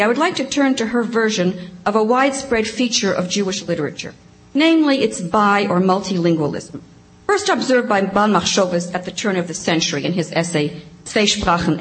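A woman on a panel, reading a prepared academic paper aloud in a measured, precise way. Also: mid-range voice, poor audio. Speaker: panel speaker.

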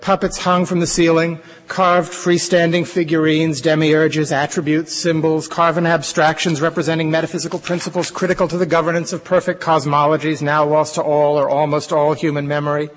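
A man's voice: on the high side, flat delivery, fairly quick, hardly any pauses, natural voice. A man reading aloud as a rambling, eccentric middle-aged London housewife, in his own plain voice without an accent, wordy and digressive, in a lecture hall. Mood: musing. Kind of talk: dramatic reading of a monologue. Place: lecture hall before an audience. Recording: long reverb in a large hall.

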